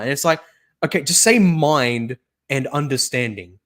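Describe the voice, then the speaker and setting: Jokey stream host, middle-pitched man. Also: normal speed. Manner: jokey, animated, often laughs, many restarts. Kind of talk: casual live-stream chat.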